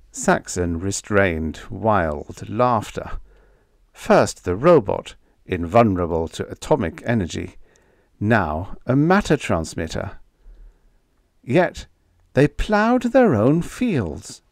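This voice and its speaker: Slow, low-voiced male audiobook narrator. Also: big pitch swings, no room sound, clean studio sound. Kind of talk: calm sleep-story narration.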